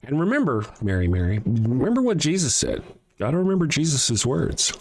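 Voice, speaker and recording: A man's voice: mid-range voice, big pitch swings, brisk, darkish tone. A man hosting a livestream, answering chat sarcastically and reading out verses in casual commentary. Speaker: livestream host.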